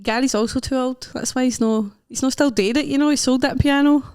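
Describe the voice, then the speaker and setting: A woman's voice: high voice, steady tone, fairly quick, darkish tone, clean tone, no room sound, studio quality. A Scottish woman co-hosting a podcast, chatty and rambling in casual chat, often trailing off. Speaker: podcast co-host.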